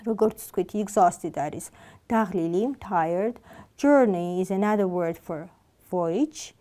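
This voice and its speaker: A woman's voice: lowish voice, fast, warm tone. Woman, English teacher, patient, repeats and asks questions. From Georgia. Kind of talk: classroom lesson.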